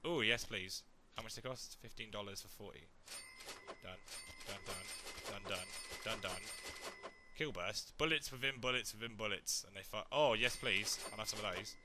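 A young man chatting through a video game playthrough in a jokey, excitable way. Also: lowish voice, moderate pace, background noise. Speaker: let's play gamer. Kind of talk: casual game commentary.

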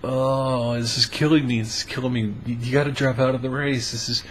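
A man's voice: medium pitch, fairly even intonation, a little fast, a little hiss or hum, voice pushed up, lightly acted, low-quality recording. A man voicing a frantic young female college student, breathless and pleading. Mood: desperate pleading. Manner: breathless, pleading, shrieking when overjoyed.

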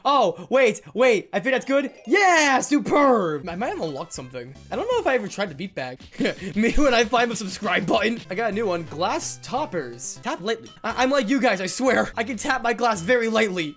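A woman giving casual gameplay commentary, self-mocking and animated, swinging between groans and cheers. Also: medium pitch. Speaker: gaming YouTuber.

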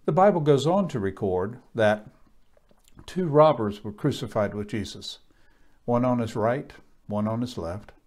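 Male scripture reader, mid-range pitch, measured and solemn delivery. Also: lively intonation, darkish tone. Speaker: scripture reader in a church service. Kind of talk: reading scripture aloud.

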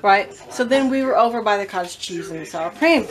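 A woman filming herself at home, telling a story-time vlog in a chatty, animated, blunt way. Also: medium pitch, a little fast. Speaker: vlogger. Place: at home with her cats. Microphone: own phone or camera, self-filmed.

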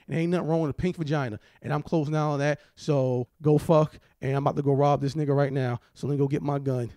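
Young guy doing stand-up, high voice, dry close sound, loud and crude, swears a lot. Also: fairly even intonation, fast, few pauses, dry recording. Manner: brash, profane, acts out quoted voices. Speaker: stand-up comedian. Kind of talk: stand-up comedy set.

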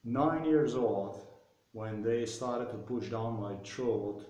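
A man's voice: medium pitch, slow pace, darkish tone. A man telling a rambling personal anecdote, loose and profane, full of fillers. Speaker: storyteller. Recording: roomy with faint noise.

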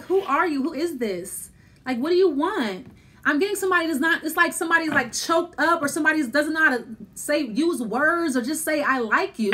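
High-voiced woman rambling through a tarot reading. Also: fairly bright tone. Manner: rambling, repetitive, thinking aloud while pulling cards; addresses the listener directly and reassuringly. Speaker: tarot reader. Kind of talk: casual tarot card reading.

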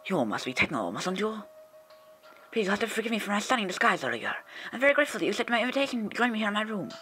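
A man voicing a formal male police agent with a bright, forceful tone, speaking in stiff, overly polite phrases. Background music plays faintly under the game reading. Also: high voice, very animated, racing, voice pushed up, exaggerated voice.

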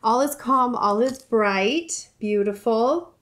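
A woman's voice: on the high side, slow. Gushing, effusive woman vlogger. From United States. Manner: gushing, effusive, repeats herself; soft, rambling with many fillers. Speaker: YouTuber opening viewer mail. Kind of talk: casual vlog chat.

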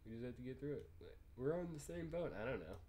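A man's voice: medium pitch, lively intonation, fast, background noise. A twenty-year-old man giving casual, profanity-laced commentary on a game, reading the dialogue choices aloud. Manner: laid-back, swears freely, reads choices aloud. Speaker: gaming YouTuber.

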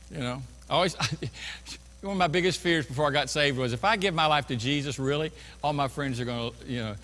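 A pastor in his fifties preaching a sermon, swinging from quiet storytelling to loud crying out. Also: fairly high pitch. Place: large church sanctuary. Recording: long hall reverb in a church.

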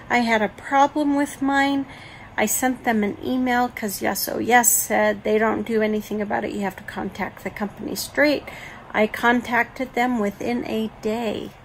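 Woman beauty vlogger, slightly high voice with a gravelly edge, unhurried chatty delivery, faint room noise. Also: poor audio. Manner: chatty, gushing over products. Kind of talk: casual makeup collection walkthrough.

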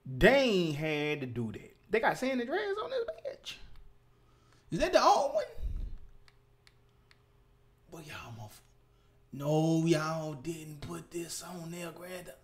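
Animated, profane young man ranting. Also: on the high side, takes it slowly, pauses often. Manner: animated, profane ranting with sudden loud outbursts. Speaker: gaming vlogger. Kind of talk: casual ranting vlog.

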